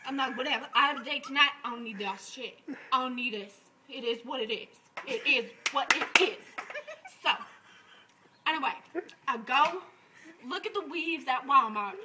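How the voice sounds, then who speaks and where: A man's voice: very high voice, moderate pace, slight background noise, full character voice, rough recording. A man doing a brash, crude young woman. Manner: loud, crude, laughing while talking. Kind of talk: improvised comic monologue.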